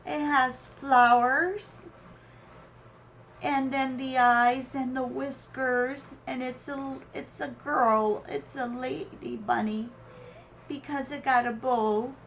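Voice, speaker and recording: Woman, high voice, very slow delivery, teary and gushing, opening a craft gift, faint hiss behind. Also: fairly even intonation, a bit bright. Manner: gushing, slow and tearful with awe. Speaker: crafting channel host. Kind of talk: emotional unboxing of a craft swap gift.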